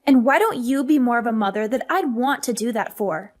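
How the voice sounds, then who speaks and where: A woman's voice: fairly high pitch, expressive, normal speed, hardly any pauses, a little mellow. A young woman narrating a scripted family drama as herself, defensive and exasperated. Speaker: story narrator playing herself.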